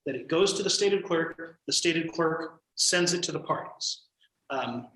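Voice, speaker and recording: A man leading a church training session, explaining procedure in a measured, thoughtful way with frequent pauses. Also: on the high side, pushed and bright, reverberant, rough recording.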